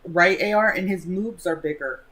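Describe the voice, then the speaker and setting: A woman from the United States hosting a livestream, chatty and quick to laugh as she reacts to her guest and the chat. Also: on the low side, a bit bright. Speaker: livestream host.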